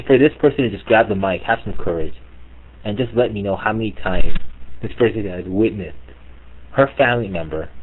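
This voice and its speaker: Husky-voiced man ranting with mock exasperation. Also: on the low side, low-quality recording. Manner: mocking, exasperated, profane. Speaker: chat room host. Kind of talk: comedic rant on live chat.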